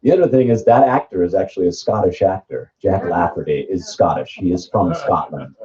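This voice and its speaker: Low-voiced director, muffled recording. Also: male voice, brisk, crowd noise. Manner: thoughtful, explanatory, with fillers. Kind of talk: seminar discussion.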